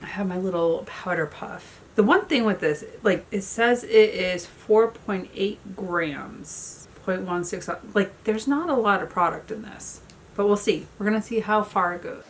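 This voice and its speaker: With a mid-range voice at a measured pace and a little hiss or hum in the background, a woman in her thirties does her makeup at home. She's a chatty storyteller in this casual tutorial, using "like" constantly.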